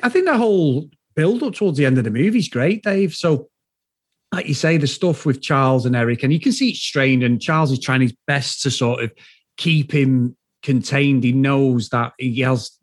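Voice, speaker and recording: A man co-hosting a casual movie review chat, giving enthusiastic, animated opinions. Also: medium pitch, normal speed, slightly rough, dry recording, clean studio sound. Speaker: podcast co-host.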